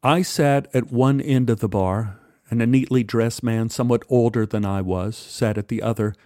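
A man narrates a personal story in a measured, wry way at an everyday pitch. His voice sits close to the mic with a dry sound and no room echo. The pacing is steady and conversational. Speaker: storyteller, podcast host.

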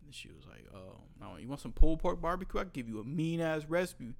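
A young man, a butcher from North Carolina, tells stories from behind the counter in loose, profane chat. His voice has a gravelly fry, and he slips into the voices of his customers. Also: fairly high pitch, sing-song, fast talker, darkish tone. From North Carolina, USA. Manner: profane, storytelling, acts out customers. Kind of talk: casual chat.

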